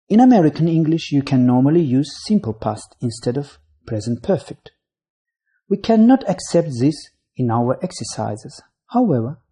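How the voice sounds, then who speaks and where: Lively-pitched, husky grammar lesson voice. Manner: reads rules, word lists and example sentences in a measured way. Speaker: English grammar teacher. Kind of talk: scripted grammar lesson narration.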